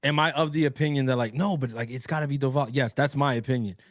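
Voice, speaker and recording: A man's voice: medium pitch, steady tone, quick pace, dry recording, studio quality. A man co-hosting a casual sports talk show, chatty and full of "like", dropping the odd Spanish phrase. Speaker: co-host.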